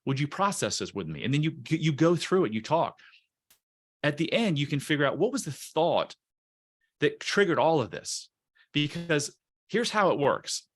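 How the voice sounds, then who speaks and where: A man's voice: a little high, very animated, measured pace, long pauses. A man on a podcast interview, explaining emotional self-help in an earnest, coaching way, often restarting words. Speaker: guest, coach.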